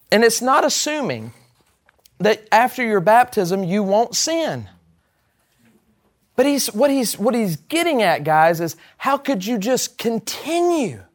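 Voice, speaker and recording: A man teaching a Bible class, speaking emphatically and putting rhetorical questions to the group. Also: extremely high pitch.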